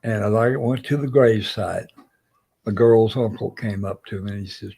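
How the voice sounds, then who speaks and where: A Navy veteran in his later years, interviewed as a guest, recounts a long personal story in a fairly low, gravelly voice with a breathy edge and a moderate pace. He's animated, voicing the quoted speech of others.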